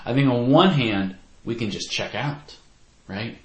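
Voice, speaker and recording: A man preaching to parents, earnest and reflective, at a middle pitch. The sound carries a noticeable room echo, as if from a church hall. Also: animated, measured pace. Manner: earnest, reflective preaching with warm personal stories. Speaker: youth pastor. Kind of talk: sermon to parents. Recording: echoey room.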